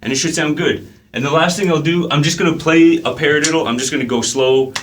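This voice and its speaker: A man's voice: a little high, fast talker, a bit bright, slight background noise. Casual male drum teacher counting beats. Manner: counts beats aloud while playing, casual with fillers. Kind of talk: relaxed instructional talk.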